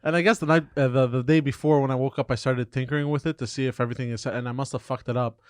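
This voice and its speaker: A man's voice: mid-range voice, steady tone, very fast, dry recording, clean studio sound. A man on a comedy podcast defending himself with short, repeated answers. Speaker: podcast co-host. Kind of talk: casual comedy podcast banter.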